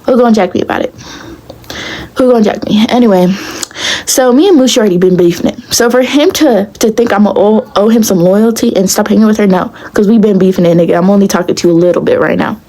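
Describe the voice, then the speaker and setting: Young woman, storytime vlog, blunt and profane, animated, warm mellow voice. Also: medium pitch, fast talker, rough recording. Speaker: vlogger.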